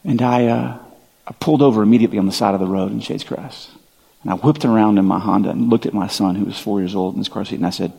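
A man in his thirties preaching a sermon, telling stories in a conversational, animated way with quick asides. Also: medium pitch, vocal fry, slightly rough. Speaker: pastor. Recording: long hall reverb.

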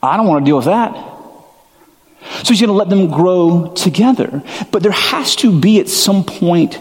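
A man's voice: sits high, animated, moderate pace, in a large hall. A male pastor preaching a sermon in a casual, earnest way, full of "like" fillers. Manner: conversational, filler-heavy, earnest.

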